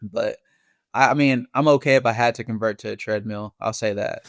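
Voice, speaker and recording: A man's voice: lowish voice, a little fast, no echo, clean studio sound. A man, a marathon runner, chatting casually as a podcast guest and telling stories with easy laughs. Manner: relaxed storyteller, laughs easily. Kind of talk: casual interview chat.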